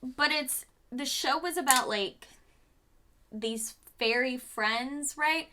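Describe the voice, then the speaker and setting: A young woman talks through a blunt, exasperated review while doing her makeup at home. Her voice sits high and bright, and she takes her time with each thought, unhurried even when she swears. It sounds like a casual rant to the camera. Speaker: beauty vlogger.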